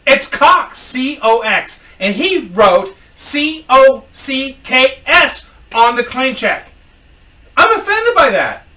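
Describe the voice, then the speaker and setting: A man's voice: high voice, animated, fairly quick, pushed and bright, pitched above the performer's own voice, heavily acted. A man voicing an offended young woman guest who shrieks her complaints. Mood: indignant. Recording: roomy echo, mic at a distance.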